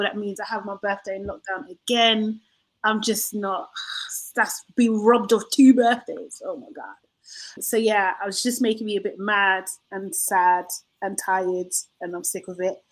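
A woman's voice: mid-range voice, fairly bright tone, rough recording. A woman co-hosting a casual podcast, chatty and laughing easily, often trailing off mid-sentence. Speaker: podcast co-host. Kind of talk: casual chat.

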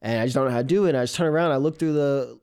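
A man, a comedian, telling a personal story on stage in an animated way, often laughing and imitating a cat's meows. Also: mid-range voice, very fast, clean tone. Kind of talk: live storytelling.

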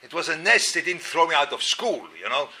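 Lecturing at a Torah class, a middle-aged man from Switzerland tells animated, self-mocking stories, repeating words and suddenly getting loud. His voice is on the high side, slightly rough, and a little fast.

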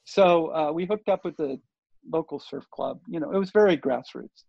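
A man's voice: a little high, normal speed, gravelly, no room sound. An older man, a guest on an interview show, telling a story in a loose, rambling way with lots of fillers and restarts. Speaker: interview guest, surf TV producer. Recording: dull lo-fi dry recording.

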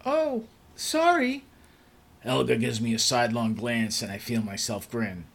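A man's voice: lowish voice, steady tone, moderate pace, vocal fry, a bit bright. Dry, matter-of-fact male narrator. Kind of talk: first-person narration of a story.

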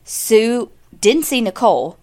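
A woman's voice: on the high side, sing-song, slow, a little mellow. A woman, casually telling a true-crime story as a podcast co-host, chatty and full of "like.". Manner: chatty, lots of "like", acts out quotes.

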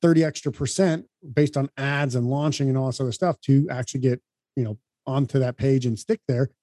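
A male podcast co-host gives brisk, upbeat advice at a quick clip. His voice is mellow and a little high. The recording is dry and close. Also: fairly even intonation, no echo. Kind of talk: casual explanatory podcast talk.

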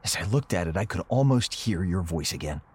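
An actor playing an anxious, cranky middle-aged husband who narrates in an old-time radio drama. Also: male voice, deep voice, lively intonation, brisk, a little mellow, husky, exaggerated voice. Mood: brooding. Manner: tense, brooding, defensive.

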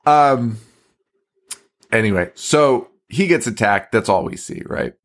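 A man co-hosting a casual podcast with a middle-pitched voice. He talks loose and profane, laughing through his sentences as he recaps the story with excitement. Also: slow. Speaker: podcast co-host. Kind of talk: casual chat.

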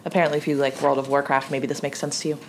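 A woman's voice: a bass voice, flat delivery, very fast, a little hiss or hum. A woman co-hosting a casual recap chat, easygoing and giggly. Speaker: podcast co-host.

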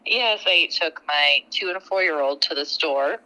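A woman in her thirties on a phone call, telling a personal story in an animated way and laughing now and then. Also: deep voice, unhurried. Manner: animated and laughing as she tells it. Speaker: customer guest.

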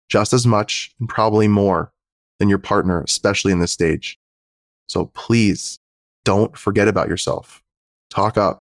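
A man's voice: fairly low pitch, no echo, clean studio sound. A man on a podcast giving earnest, practical relationship advice as a therapist guest.

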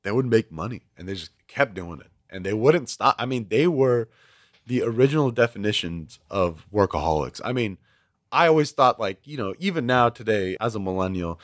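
A man in his late twenties tells stories at length in a loose, casual way, often restarting his sentences. His voice sits fairly low, and the close mic sounds dry and intimate. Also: no room sound. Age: 20s. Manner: rambling storyteller with frequent restarts. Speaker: podcast guest. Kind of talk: casual chat.

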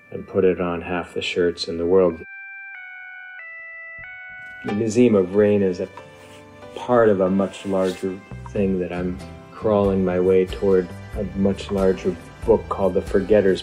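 A man, an author, talking about his writing and reading his own short story aloud in a measured, unhurried way. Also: low-pitched, gravelly, darkish tone.

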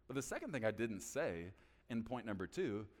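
A male pastor preaching a sermon in an animated way, acting out both sides of conversations. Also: lowish voice, moderate pace, in a large hall.

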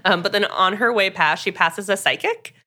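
A young woman co-hosting a podcast, casually recapping a book in a lively storytelling way and acting out the quotes. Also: medium pitch, moderate pace, slight background noise. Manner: lively storyteller, acts out quotes, many fillers. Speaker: podcast co-host.

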